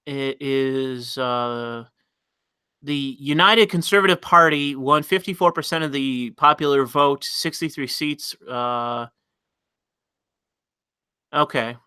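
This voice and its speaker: Blunt, bright-voiced male livestream host. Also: mid-range voice, steady tone, slow pace, pauses often, clean tone, no room sound. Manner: blunt, reads chat messages aloud, frequent fillers and restarts. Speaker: livestream host reading chat. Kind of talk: casual livestream commentary.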